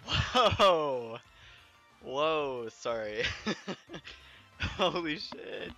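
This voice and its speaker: This mid-range male voice is a little slow with a sharp tone, and the audio sounds dull under soft background music. It's live gaming commentary from an overexcited, shaky streamer who exclaims, laughs, and rambles apologetically into a clipping desk microphone.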